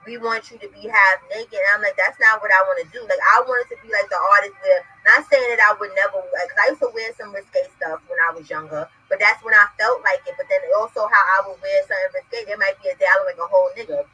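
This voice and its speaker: A young woman hosts a loose, profane chat from home over a video call. Her voice is bright and a little husky. Her pitch swings a lot, and the sound is dry and close. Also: sing-song, fast, few pauses, no room sound, highs cut off, soft background music. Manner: blunt, profane and chatty, with lots of "you understand". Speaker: host.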